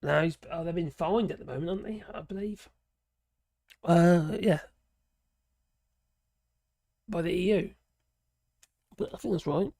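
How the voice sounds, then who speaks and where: A man with a hoarse voice, rambling and chuckling as he hosts a live stream and reads out viewer chat. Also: high-pitched, unhurried, long pauses, mellow, no room sound, clean studio sound. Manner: rambling, chuckling, trailing off mid-sentence. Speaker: livestream host reading viewer chat.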